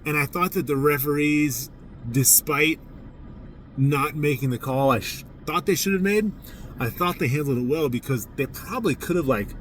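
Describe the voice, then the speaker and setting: A man's voice: fairly high pitch, normal speed, distant mic, a little hiss or hum. A man, a judo coach, casually telling a story from a tournament in a candid, self-mocking way. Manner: candid, self-mocking, animated when recounting his outbursts.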